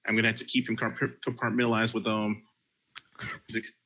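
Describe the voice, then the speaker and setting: A man playing a tabletop game, talking in an animated, exasperated way with friends. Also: on the low side, a little fast, poor audio. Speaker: player. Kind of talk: casual tabletop game chat.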